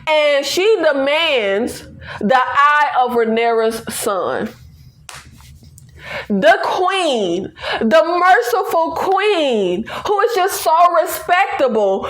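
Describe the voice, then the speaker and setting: High, lively woman laughing through a recap. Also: drawn-out words. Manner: animated, laughing often, slangy and playful. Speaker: TV recap reviewer. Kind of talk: casual review chat.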